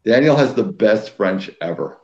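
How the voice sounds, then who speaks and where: A man's voice: fairly low pitch, animated, normal speed, lo-fi sound, background noise. A man from Quebec hosting a casual live whisky stream, teasing his guest and calling out viewers in the chat. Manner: teasing, jokey, reads out viewer names.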